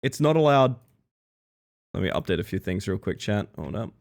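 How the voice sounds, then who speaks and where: A man live-streaming, chatting with his viewers in a playful, excitable way. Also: lowish voice, moderate pace. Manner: playful, excitable, talks to chat. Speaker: livestreamer. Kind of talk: casual live-stream chat.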